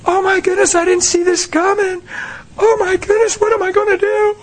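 A man voicing a frightened, flustered churchgoer who blurts out shrill, fretful exclamations. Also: level tone, moderate pace. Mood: panicked.

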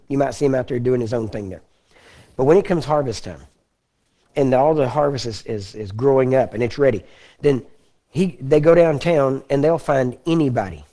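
A Texan man delivers a teaching sermon in a folksy style, often asking "Amen?" and "You understand?" and clearing his throat. His mid-range voice is mellow, and he slows down whenever he reads scripture.

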